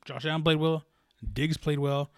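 A young man hosting a casual sports talk show, rambling and excitable, with lots of fillers and profanity. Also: fairly high pitch, moderate pace, clean tone, no echo, clean studio sound. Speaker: sports podcast host.

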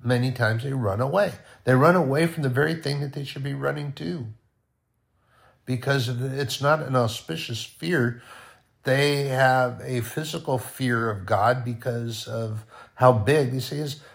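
Gravelly man preaching a casual sermon. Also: medium pitch, unhurried. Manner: conversational, with sudden soft drops to near-quiet. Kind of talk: informal sermon.

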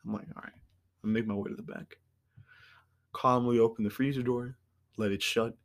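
A man podcast host telling a story in casual chat, animated, acting out customers and swearing freely. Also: medium pitch, moderate pace.

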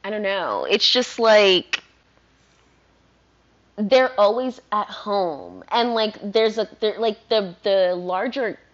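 A woman vlogger ranting casually, rambling and animated, full of "like". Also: mid-range voice, slow pace. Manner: rambling, animated, heavy use of "like". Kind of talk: casual rant to camera. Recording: dull lo-fi recording.

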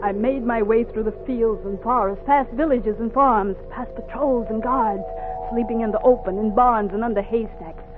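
A woman plays a young enslaved woman fleeing north, earnest and defiant, in a vintage radio play. Her voice sits high. It comes through a thin, tinny old radio recording. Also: steady tone, normal speed, over music, lightly acted. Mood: breathless. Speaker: narrator and lead. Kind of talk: 1950s radio drama acting.

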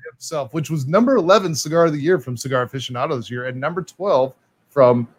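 Excitable chatty man, slightly high voice. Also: quick pace, husky. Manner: excitable, chatty, says "dude" and "man" a lot. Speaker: co-host reading live comments. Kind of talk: casual live-stream chat.

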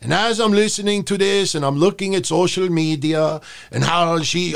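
Gravelly, high-pitched male podcast host. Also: moderate pace, hardly any pauses. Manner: animated, mocks promos in put-on voices. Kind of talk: casual wrestling talk.

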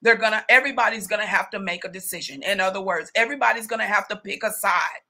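A woman's voice: mid-range voice, fast. A woman preaching a fervent sermon, full of repeated questions and street slang, breaking into tongues. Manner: fervent, rising to speaking in tongues and shouting.

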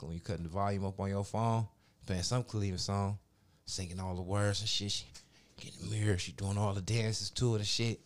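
A man telling a story in casual podcast chat, profane and animated, acting out the people he quotes. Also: on the low side, brisk.

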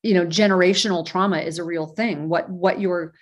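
A woman's voice: fairly low pitch, fairly even intonation, fairly quick. A woman author as an interview guest, talking earnestly and reflectively, with many fillers and restarts. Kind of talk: casual interview talk.

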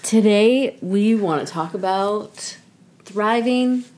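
A woman in her thirties co-hosting a podcast, thinking out loud in casual chat. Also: medium pitch, slow pace. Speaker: podcast co-host.

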